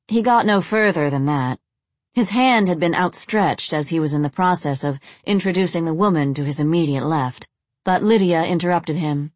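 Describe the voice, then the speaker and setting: Low-voiced woman narrating a story. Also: normal speed, a little mellow, no echo.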